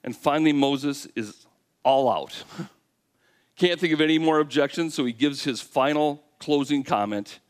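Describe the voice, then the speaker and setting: A male pastor speaks a little slowly in a clean, higher-leaning voice. He preaches by acting out the characters, giving voice to God and Moses, and invites his listeners to answer questions.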